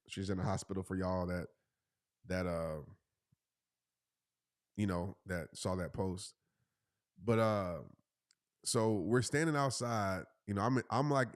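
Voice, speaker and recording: Guy in his 30s telling a story, lively, does high voices for the people he quotes. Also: dry recording, studio quality. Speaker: host. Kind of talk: casual storytelling.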